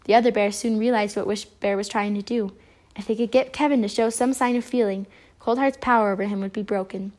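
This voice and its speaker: A woman reading a children's storybook aloud, expressive narration. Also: mid-range voice, brisk. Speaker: storybook reader.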